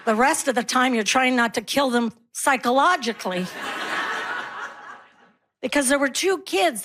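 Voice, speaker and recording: A woman in her sixties doing a stand-up comedy set, telling stories and acting out other people's voices. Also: sits high. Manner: animated storytelling, acts out voices.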